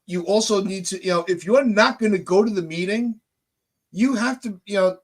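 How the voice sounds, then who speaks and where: A man with a fairly high voice speaks at a moderate pace. He's hosting a podcast in heated, casual chat, venting his frustration, swearing, and restarting his sentences over and over.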